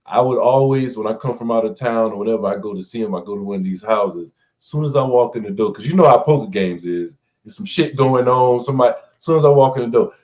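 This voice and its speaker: A man's voice: mid-range voice, quick pace, hardly any pauses, darkish tone. A man in casual chat telling a funny family story and acting out the voices in it. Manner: laughing, storytelling, acts out voices. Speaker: instructor.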